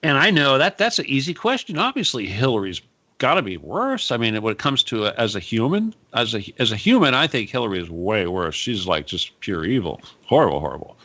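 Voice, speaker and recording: A man hosting a talk radio show, chatting casually and rambling, with frequent laughs and animated asides. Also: mid-range voice, a little fast.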